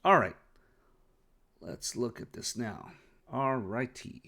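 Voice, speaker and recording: A man's voice: mid-range voice, expressive, slow, vocal fry, sharp tone. A man who is not a native Arabic speaker, teaching Arabic vocabulary patiently and often checking understanding with an "okay?". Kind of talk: explaining a lesson.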